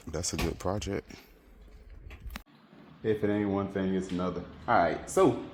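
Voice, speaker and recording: Low-voiced laid-back man vlogging his car. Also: slight background noise. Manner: laid-back slangy talk, trailing off with fillers. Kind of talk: casual vlog chat.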